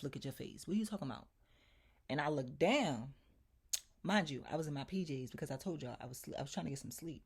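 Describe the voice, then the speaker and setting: A young woman tells her viewers a personal story in a loose, casual way. Her voice sits low, and she talks with emphatic, animated energy, turning to address her audience directly. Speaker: vlogger.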